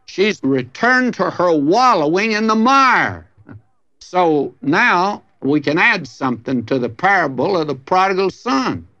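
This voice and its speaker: Folksy storytelling preacher. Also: male voice, high-pitched, very animated, measured pace, pushed and bright, dry recording. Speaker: pastor. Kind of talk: sermon. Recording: dull, dry lo-fi recording.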